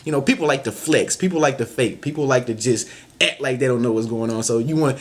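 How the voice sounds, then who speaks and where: Husky-voiced man giving casual advice. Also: mid-range voice, fast talker. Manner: loose and slangy, full of "you know what I'm saying"; playful, acts out little scenes in other voices. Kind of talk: casual motivational talk.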